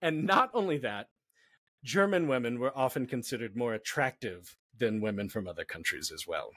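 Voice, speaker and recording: A man's voice: mid-range voice, normal speed, no echo, studio quality. A man as a podcast guest, telling history in a casual, jokey way. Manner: animated, jokey storyteller.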